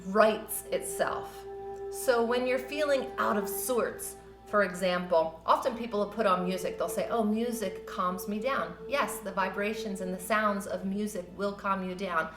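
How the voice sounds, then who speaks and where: A woman teaching a yoga class, guiding breathing and stretches in a gentle, encouraging, loosely conversational way. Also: medium pitch, unhurried. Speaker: yoga instructor. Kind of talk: guided yoga class instruction. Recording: roomy with soft music behind.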